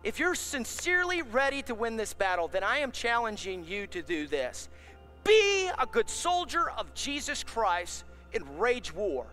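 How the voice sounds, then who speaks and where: A man preaching a sermon as pastor, impassioned, building up to shouts. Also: very high-pitched, big pitch swings, a little slow, faint music behind.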